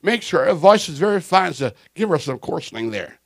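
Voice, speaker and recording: Fiery high-voiced shouting preacher. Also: male voice, big pitch swings, brisk, no echo. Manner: storytelling, playful asides. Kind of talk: sermon. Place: church. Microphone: microphone.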